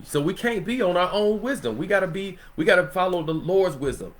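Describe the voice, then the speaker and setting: Guy teaching bible study, pretty high voice, super casual, laughs a lot, keeps asking if you get him. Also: lively intonation, a little fast. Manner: loose and conversational, laughs often, asks "you know what I'm saying?".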